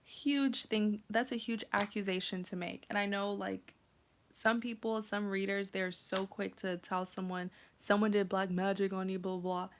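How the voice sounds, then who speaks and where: American woman, mid-pitched, chatty live-stream tarot reader who teases her viewers. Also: steady tone, normal speed, a little hiss or hum. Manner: chatty, teasing, thinking aloud.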